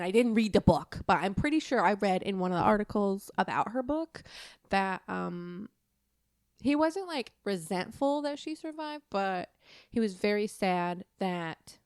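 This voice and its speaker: A woman recounting a story on a podcast with a bouncy, animated voice that rises and falls a lot. She rambles and laughs along the way, her words recorded close and dry with no room sound. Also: medium pitch, no echo. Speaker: podcast co-host telling a true story. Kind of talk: casual podcast chat and storytelling.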